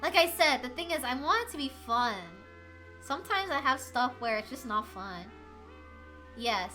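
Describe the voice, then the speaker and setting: A woman's voice: high-pitched, animated, normal speed, bright, forceful tone, faint music behind. An American woman chatting casually on a live stream, giggly and rambling, laughing often. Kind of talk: casual chat.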